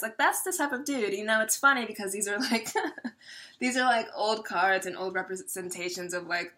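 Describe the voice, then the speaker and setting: A woman's voice: on the high side, moderate pace, pushed and bright. A woman giving a casual tarot reading to her viewers, chatty and laughing often, slipping into little voices as she talks things through. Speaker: tarot reader.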